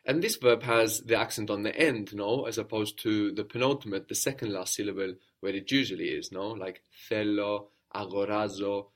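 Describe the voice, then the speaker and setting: A man's voice: fairly low pitch, fairly quick, hardly any pauses. A man teaching a language lesson, patiently prompting a learner and repeating and confirming each answer.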